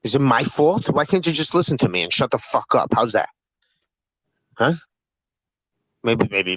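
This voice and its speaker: A man's voice: mid-range voice, very animated, normal speed, long pauses, a bit bright, no room sound, poor audio. A man hosting a livestream panel, talking in a profane, taunting and combative way. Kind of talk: heated livestream panel chat.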